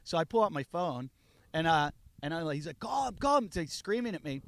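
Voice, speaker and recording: With a slightly high voice and a brisk pace, a man appearing as a podcast guest tells a casual story and animatedly acts out its characters. There's no room sound.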